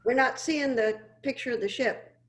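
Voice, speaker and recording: A woman's voice: high voice, normal speed. An older woman presenting as a cruise line guest, chatting in an upbeat, enthusiastic way over a video call. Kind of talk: casual virtual chat.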